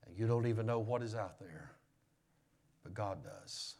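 Preaching man, loud then hushed. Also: on the low side, sing-song, moderate pace, gravelly, husky. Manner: preaching with swings from loud raised emphasis to hushed near-whispers. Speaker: pastor. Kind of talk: sermon.

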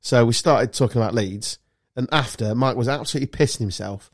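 A man's voice: medium pitch, fairly quick, no echo, clean studio sound. A man from England hosting a casual football chat podcast, joking and bantering with friends. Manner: joking, banter-filled, sweary. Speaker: podcast host.

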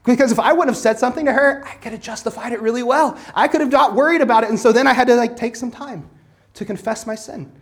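A man's voice: very high-pitched, quick pace. A man preaching a sermon as pastor, earnest, asking the listeners one rhetorical question after another and often restarting his phrases.

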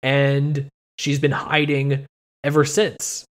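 Male podcast host, animated and profane, mock-indignant rants, mid-range voice. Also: medium pitch, slow pace. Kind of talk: casual podcast chat.

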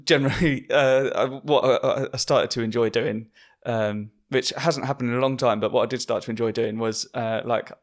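Man, podcast host and comic, mid-pitched voice, chatty, self-deprecating, laughs a lot. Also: steady tone, moderate pace, hardly any pauses. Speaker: podcast host, stand-up comedian. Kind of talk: casual podcast chat.

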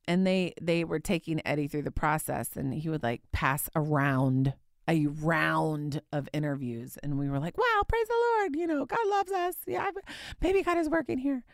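Lively, laughing woman telling a story. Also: on the low side, creaky, no room sound, clean studio sound. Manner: animated, laughs often, many "like" fillers. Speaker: podcast host. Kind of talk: casual storytelling.

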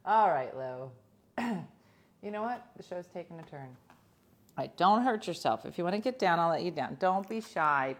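A woman's voice: on the low side, animated, moderate pace. A woman in her fifties chatting casually and coaxing her dog, treating it as her playful co-host. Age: 50s. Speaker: host of a home pet show.

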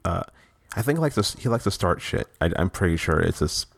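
A man hosting a podcast in easy, relaxed chat, telling stories and moving the conversation along. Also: low-pitched, fast, creaky, no echo. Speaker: podcast host. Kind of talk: casual chat.

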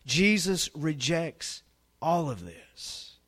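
Lively, emphatic male preacher. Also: extremely slow, husky. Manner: emphatic preaching, rising to loud peaks and dropping low. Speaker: pastor. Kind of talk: sermon.

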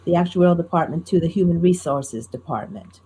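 A middle-aged woman with a faint New Jersey accent, a professional storyteller talking in a lively, self-deprecating way in an interview. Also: on the low side, fairly quick, slightly rough. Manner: animated, self-deprecating, tells anecdotes with quoted dialogue. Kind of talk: conversational interview.

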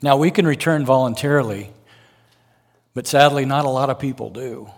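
A man's voice: medium pitch, normal speed. An older man preaching a sermon as a guest speaker, earnest, with folksy personal asides and rising emphasis.

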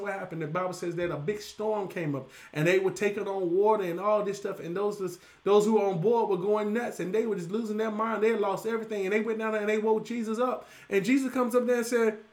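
With a voice pitched high for a man, a middle-aged pastor keeps his preaching lively and loose. Call-and-response questions go back and forth with the congregation.

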